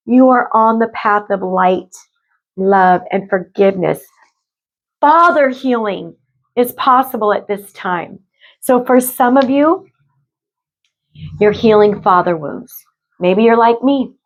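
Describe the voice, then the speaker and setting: A woman speaks slowly and gently in a mid-pitched voice, giving a spiritual reading to her viewers. Her delivery is soft and heartfelt, with frequent pauses as she addresses them directly. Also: poor audio. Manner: slow, gentle, emotional, addresses viewers as you guys. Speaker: spiritual reader. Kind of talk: intuitive card reading for viewers.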